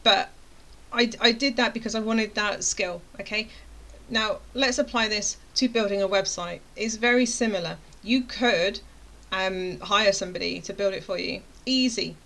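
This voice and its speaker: A woman's voice: mid-range voice, normal speed. Chatty woman telling a story. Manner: chatty, animated, acts out her own reactions. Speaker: web design course creator. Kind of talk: casual storytelling to camera.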